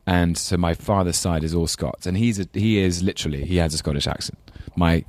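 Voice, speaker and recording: A deep-voiced man with a London English accent chats as a podcast guest. He talks thoughtfully and often stops to restart his sentences. His voice sounds close and dry. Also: fairly quick, darkish tone, no echo. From England. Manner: thoughtful, hesitant, full of ums and restarts. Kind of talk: casual interview chat.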